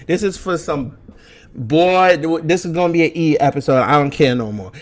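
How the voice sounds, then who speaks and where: A man with a high-pitched voice rants on a podcast. His commentary is heated, loud and profane, full of mockery and repeated jabs. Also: normal speed. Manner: loud, ranting, profane and mocking. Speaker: podcast co-host.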